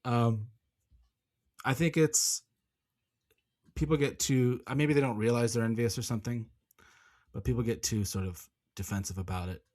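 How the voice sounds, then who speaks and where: A man's voice: mid-range voice, steady tone, moderate pace, long pauses, a little mellow, no echo. A man from the Northeastern US co-hosting a casual podcast, easygoing and optimistic, often repeating himself. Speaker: podcast co-host. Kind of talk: casual chat.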